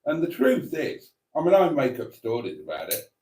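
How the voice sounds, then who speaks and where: A man's voice: on the high side, huge pitch swings, normal speed, a little mellow, slight background noise. A man hosting a casual livestream, reading viewer comments aloud and rambling with dry, self-mocking humour. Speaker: livestream host.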